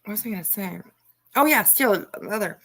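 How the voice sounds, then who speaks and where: A woman's voice: medium pitch, animated, fairly quick, a bit bright. A woman hosting a casual live stream, chatting and teasing as she reads out viewer comments.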